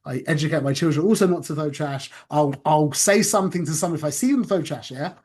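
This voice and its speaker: Earnest man, somewhat high voice. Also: quick pace, a little mellow, slightly rough. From North London, England. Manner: earnest, repeats phrases, checks in with "yeah?". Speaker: spiritual teacher. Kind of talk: conversational spiritual talk. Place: his office.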